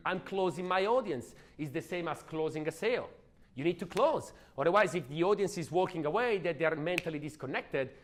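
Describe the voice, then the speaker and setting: Energetic, emphatic male sales trainer. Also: on the high side. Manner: energetic, emphatic, asks audience questions. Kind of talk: motivational training talk.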